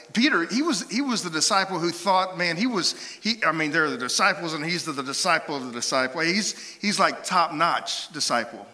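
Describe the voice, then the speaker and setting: A man preaching a sermon as pastor, playful and lively with his congregation. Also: fairly high pitch. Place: church sanctuary. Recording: hall reverb in a church sanctuary.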